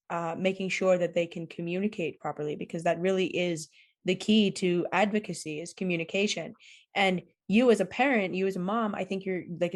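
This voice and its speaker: A woman hosting a podcast interview, her voice sitting on the lower side. She speaks in an affirming, reflective way, summing up what her guest has said. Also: darkish tone. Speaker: podcast host.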